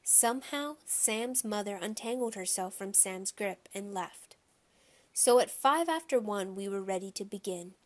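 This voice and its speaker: A woman reads a children's chapter book aloud in a lively, expressive manner. Her pitch sits in the middle range. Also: unhurried. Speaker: audiobook narrator. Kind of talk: scripted children's audiobook narration.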